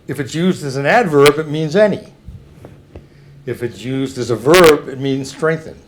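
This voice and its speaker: An older man giving a public talk, slowly and carefully explaining examples to an audience. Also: medium pitch.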